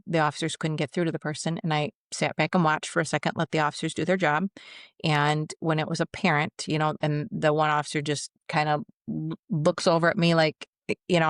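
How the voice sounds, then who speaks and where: A middle-aged woman, a retired police commander, tells vivid work stories on a podcast in a conversational way, acting out the voices she quotes. Her voice sits low with little pitch movement, and she speaks briskly with a clear, resonant tone. The studio recording is clean, with no echo.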